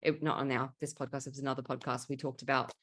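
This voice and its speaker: Fast-talking low-voiced woman host. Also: little pitch movement, a bit bright, dry recording, clean studio sound. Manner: quick, candid, swears casually. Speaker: podcast host. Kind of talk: casual conversation.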